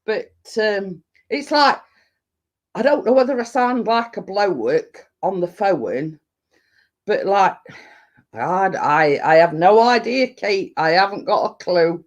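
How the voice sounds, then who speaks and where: A middle-aged woman with a Yorkshire accent and a slightly deep voice, chatting casually on a livestream and rambling with lots of fillers. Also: animated, slow pace, dull audio. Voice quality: a bit deep. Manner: rambling, full of fillers and restarts. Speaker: livestream host. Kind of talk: casual live chat.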